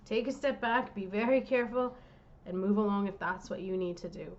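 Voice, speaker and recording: A woman's voice: medium pitch, fairly quick, highs cut off. A woman tarot reader talking straight to her viewers, worked up and direct as she gives a reading.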